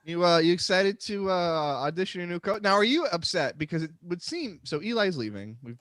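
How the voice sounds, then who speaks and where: A man's voice: high-pitched, expressive, fairly quick, fairly bright tone, no echo. A man hosting a live comedy podcast, joking and sarcastic, often trailing off into mumbles. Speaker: podcast host.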